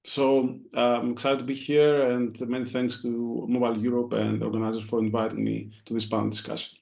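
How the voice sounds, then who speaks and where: A man speaks as a panelist in an online discussion. He is courteous and hesitant, pausing often on fillers. His audio sounds dull and muffled. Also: medium pitch, little pitch movement, gravelly, a little mellow.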